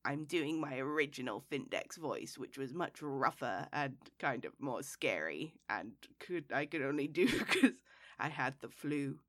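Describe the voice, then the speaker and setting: Hoarse woman host, rough from illness, chatty and grateful, repeats herself, podcast sponsor read. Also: extremely low pitch, lively intonation, a little slow, a bit bright, no room sound, clean studio sound. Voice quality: rough, raspy voice. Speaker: game master and host.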